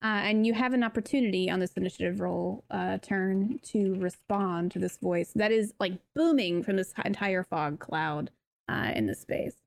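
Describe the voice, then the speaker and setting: A woman's voice: medium pitch, moderate pace, creaky. A woman running a tabletop role-playing game, narrating the scene in a chatty way with many fillers. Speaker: game master.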